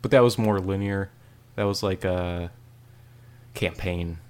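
Rambling casual man, slightly low voice. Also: a little slow. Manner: rambling, frequent "like", animated storytelling. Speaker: podcast co-host reviewing a game. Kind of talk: casual chat.

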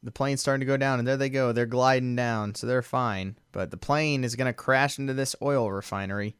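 A man's voice: medium pitch, steady tone, a little fast, clear, resonant tone, no echo, clean studio sound. A man co-hosting a podcast, chatting casually and laughing while commenting on a movie, often trailing off with fillers. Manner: laid-back, chuckling, trailing off with fillers. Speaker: podcast co-host.

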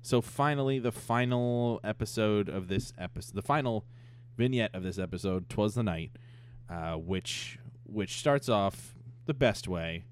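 A young man with a fairly low voice chats casually as a podcast co-host. He talks in a loose, relaxed way, full of small fillers. He is reviewing a cartoon episode. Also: a little slow, a little hiss or hum. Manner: laid-back, frequent "um" and "yeah", laughs at jokes. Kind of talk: casual chat.

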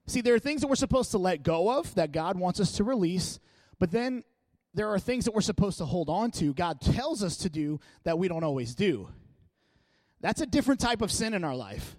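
A man with a slightly raised pitch preaches in a loose, conversational way. He jokes and stays animated as he talks a church crowd through scripture. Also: dry recording. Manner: chatty, joking, animated delivery. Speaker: church speaker. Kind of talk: casual sermon. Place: church meeting room.

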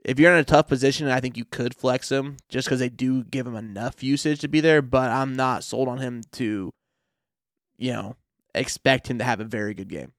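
A man co-hosting a fantasy football podcast, relaxed and agreeable, full of fillers like "I mean" and "like". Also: mid-range voice, moderate pace, no echo, studio quality. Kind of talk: casual sports chat.

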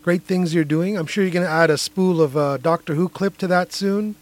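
A man's voice: high-pitched, fairly even intonation, fairly quick. A man hosting an interview, enthusiastic and informal, with casual fillers. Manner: enthusiastic, informal, uses fillers like "like" and "you know". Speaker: interviewer host.

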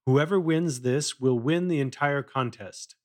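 A man voicing a polite, determined young boy who speaks calmly. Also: medium pitch, unhurried, close to an everyday voice. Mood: polite, firm. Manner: polite, calm.

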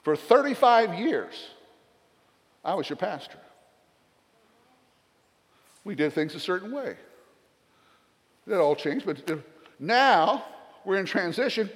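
Older Southern man, retired pastor, folksy sermon with joking asides, fairly high voice, church reverb. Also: big pitch swings, takes it slowly, pauses often.

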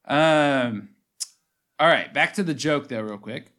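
A man's voice: mid-range voice, expressive, takes it slowly, a bit bright. A man bantering in casual podcast chat, dry and teasing, laughing easily.

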